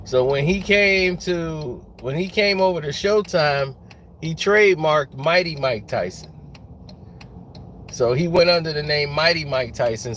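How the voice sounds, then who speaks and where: A man's voice: fairly high pitch, a bit bright, slight background noise. A man telling casual stories as a guest, laughing often and acting out the people he quotes. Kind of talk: casual storytelling.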